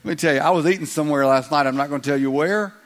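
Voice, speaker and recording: A man's voice: on the high side, rapid-fire. A man with a Southern US accent, a pastor leading prayer and preaching a sermon to a church congregation in a folksy, joking way. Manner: folksy and joking, speeds up when reading scripture. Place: church sanctuary.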